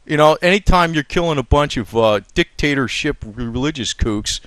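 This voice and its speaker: A man's voice: fairly high pitch, lively intonation, normal speed, a bit bright, no room sound. A man giving a casual, off-the-cuff commentary, blunt and crude, talking heatedly and dropping lots of fillers. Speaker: political commentator. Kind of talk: casual off-the-cuff video rant.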